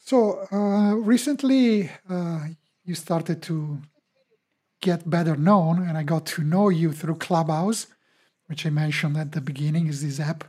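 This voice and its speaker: A man's voice: fairly high pitch, unhurried, warm tone, slightly rough. A man hosting a podcast interview, talking casually and thoughtfully with frequent hesitations and restarts. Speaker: podcast host.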